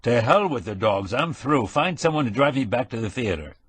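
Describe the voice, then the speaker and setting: A man's voice: medium pitch, sing-song, brisk, a bit bright, dry recording. A man playing a grumpy, indignant middle-aged man. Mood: irritable. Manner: irritable, gruff, indignant.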